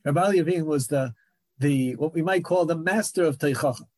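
Earnest high-voiced man teaching Torah. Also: brisk, a little mellow, dry recording. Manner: earnest, repeats phrases for emphasis. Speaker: rabbi teaching a class. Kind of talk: Torah lecture.

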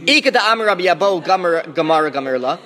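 A man teaches a Talmud class in a lively classroom manner. His voice sits a bit high, and he thinks aloud, stopping and restarting as he works through the text. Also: rapid-fire. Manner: thinking aloud with restarts and Hebrew-Aramaic terms.

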